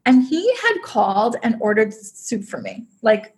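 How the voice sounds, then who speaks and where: A woman's voice: fairly high pitch, big pitch swings, unhurried. Chatty woman telling a love story. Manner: chatty, heavy use of "like", emotional. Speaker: podcast guest. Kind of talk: personal storytelling.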